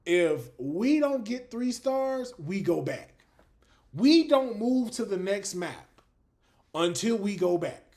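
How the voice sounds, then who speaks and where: A man with a voice that sits high hosts a casual livestream, chatting lively with viewers. He laughs, swears freely, and trails off into drawn-out fillers.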